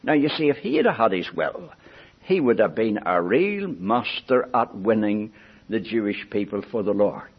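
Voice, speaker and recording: An older man preaching a sermon in an earnest, pleading way, swinging from soft asides to raised appeals. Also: lively intonation, normal speed, husky. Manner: earnest, pleading, rises and falls in pitch and loudness. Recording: dull lo-fi recording.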